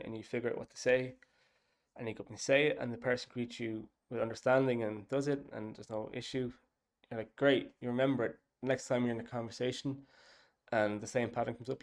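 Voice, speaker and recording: A man's voice: mid-range voice, fairly even intonation, fast, vocal fry. A man, casually talking through his app's design and thinking aloud with lots of fillers. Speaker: app developer. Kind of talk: casual dev log talk.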